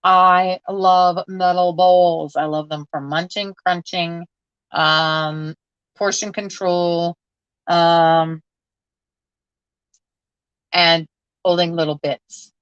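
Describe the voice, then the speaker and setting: A woman's voice: on the low side, little pitch movement, drawn-out words, long pauses, smooth, dry recording, muffled recording. A woman chatting casually to viewers while sorting through a box of odds and ends, rambling and laughing at herself. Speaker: crafting vlogger. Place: at home.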